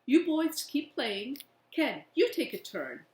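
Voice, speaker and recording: Woman doing a kindly coaxing aunt, slow, roomy echo, storybook reading. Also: high voice, big pitch swings, pitched above the performer's own voice, full character voice. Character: caring aunt soothing frightened boys. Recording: echoey room.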